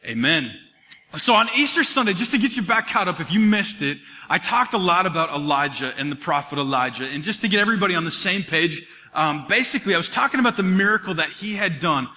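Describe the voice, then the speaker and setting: A man preaching a sermon as pastor, animated and jokey, acting out the voices in the story. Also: high voice, fast talker, big-room sound.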